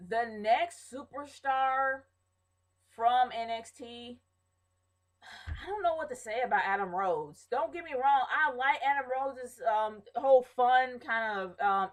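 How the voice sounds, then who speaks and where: A woman's voice: fairly high pitch, normal speed, poor audio. A woman in her thirties chatting casually to camera, answering viewer questions with opinions, many ums and small restarts. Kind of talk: casual chat.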